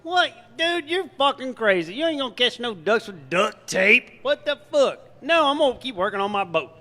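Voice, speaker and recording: A man's voice: very high voice, very animated, normal speed, pushed and bright, in a large hall, pitched above the performer's own voice, heavily acted. A man voicing a grumpy, swearing Cajun boatman in a told joke. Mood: exasperated. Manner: swearing, exasperated.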